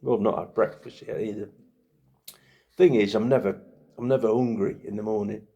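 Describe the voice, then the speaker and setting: A man's voice: fairly low pitch, steady tone, moderate pace, dark tone, breathy edge, lo-fi sound. A middle-aged man, telling wry rambling stories in a casual chat to camera. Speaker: vlogger.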